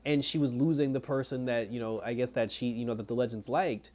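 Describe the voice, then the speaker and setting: A man's voice: mid-range voice, fairly even intonation, fairly quick, darkish tone. A man reviewing a TV episode in a rambling, casual recap, acting out the characters' lines as he retells them. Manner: rambling retelling, acts out quoted dialogue. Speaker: TV show reviewer.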